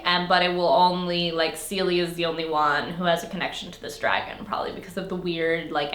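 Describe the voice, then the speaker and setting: In an echoey room, a young woman reviewing books gives a casual rundown of a fantasy novel. Her voice sits lowish with a fairly bright tone. She comes across as sarcastic and fed up, peppering everything with "like."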